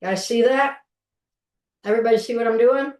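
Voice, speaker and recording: The middle-aged cooking instructor, fairly high-pitched with a darkish tone, talks at a normal speed while leading her live virtual class at home. Folksy and chatty, she keeps restarting sentences as she cooks, and the mic sits far away on a video call in a roomy kitchen.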